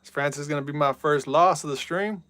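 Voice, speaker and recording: A man live-streaming a football video game in casual chat, reading out viewer messages and yelling at big plays. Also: fairly high pitch, a little fast, dry recording.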